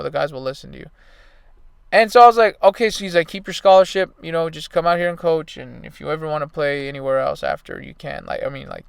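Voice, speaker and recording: A man in his thirties tells a rambling, emphatic story in casual talk. His voice is a little high and gravelly, yet smooth and clear. The sound is dry and close. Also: no echo. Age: 30s. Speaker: baseball player and coach.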